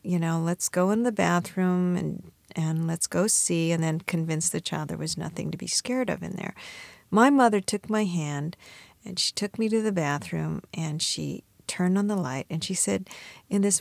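A woman's voice: lowish voice, vocal fry, no echo. A middle-aged woman, an author being interviewed, telling reflective stories and acting out the voices she quotes. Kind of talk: radio interview conversation.

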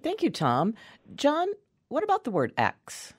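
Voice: mid-range voice, wildly swooping pitch, measured pace, breathy edge, no room sound, clean studio sound. A radio host thanking a caller and putting inquisitive questions to a guest. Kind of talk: call-in radio hosting.

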